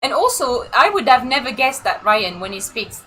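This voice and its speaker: A woman from the south of France with a French accent, a streamer chatting in an animated way while she plays. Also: a little high, normal speed, breathy edge, rough recording. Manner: chatty, animated, laughing asides. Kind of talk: casual gameplay commentary.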